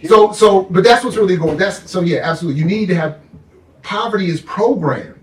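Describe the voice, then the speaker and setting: A fired-up professor, speaking as a guest on a panel, delivers an impassioned talk in a high-pitched, fairly quick voice. He's animated and emphatic, mocking others in put-on quotes, and the distant mic picks up an echoey room.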